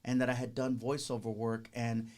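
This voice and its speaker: Middle-aged comedian guest, mid-range male voice, animated storyteller. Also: medium pitch, moderate pace. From Mexican-American. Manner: animated storyteller, acts out quotes. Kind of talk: casual interview storytelling.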